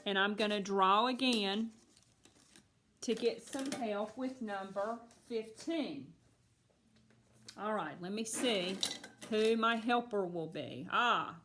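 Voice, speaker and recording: A woman teacher leading a phonics lesson, patient and encouraging, slowing down to sound out words for young students. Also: mid-range voice, a bit bright, reverberant, slight background noise.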